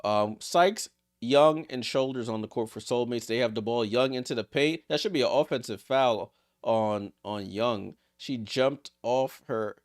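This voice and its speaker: A man streaming a live watchalong, giving casual play-by-play and chatting with viewers, voice jumping up on big plays and dropping low for side remarks. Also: a little slow, few pauses. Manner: excitable, rises in pitch on big plays, drops low and quiet for side remarks; chatty, laughs and talks to the chat. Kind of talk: casual live play-by-play commentary with chat asides.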